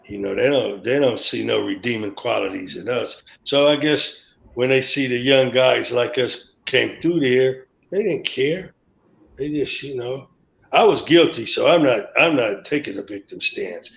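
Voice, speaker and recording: Over echoey, dull lo-fi stream audio, a man appearing as a guest spins a rambling tale of his memories, voicing the other characters' lines himself. He speaks at a measured pace in a medium-pitched, fairly bright voice with vocal fry.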